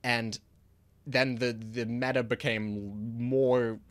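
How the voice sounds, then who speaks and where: A man's voice: medium pitch, flat delivery, takes it slowly. A man giving a casual video review of a card game, ranting in frustration with lots of restarts and fillers.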